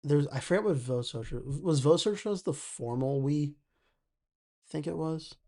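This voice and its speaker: Mellow-voiced man hosting a live stream. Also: fairly high pitch, moderate pace. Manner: chatty, thinks aloud, reads chat comments. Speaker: election night live stream host. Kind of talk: casual live stream commentary.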